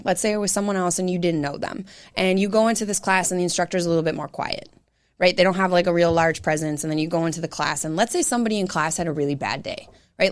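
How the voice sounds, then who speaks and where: A young adult woman, a fitness coach, telling animated stories in a casual podcast chat, full of "like" and "right?". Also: fairly low pitch. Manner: animated storytelling, lots of "like" and "right?".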